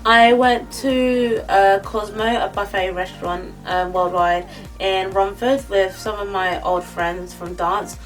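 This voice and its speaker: A young woman ranting in a casual vlog, exasperated and animated. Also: mid-range voice, slow pace, recorded from a distance, faint music behind, rough recording. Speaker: vlogger.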